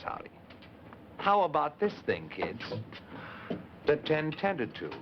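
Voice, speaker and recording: Animated man hosting a kids' show. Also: sits high, gravelly. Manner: animated, addressing kids directly. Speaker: children's TV show host. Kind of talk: 1950s live children's TV hosting. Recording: dull lo-fi 1950s TV recording with faint hiss.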